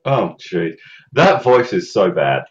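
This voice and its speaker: Slow, low man on a dull mic. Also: very animated. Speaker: co-host on stream. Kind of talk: casual gaming chat.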